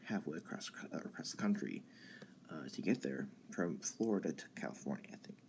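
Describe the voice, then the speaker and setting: Very deep, gravelly-voiced man rambling casually. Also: lively intonation, darkish tone, slight background noise. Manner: halting, many ums and restarts. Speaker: channel host. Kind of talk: casual philosophy talk on a live stream.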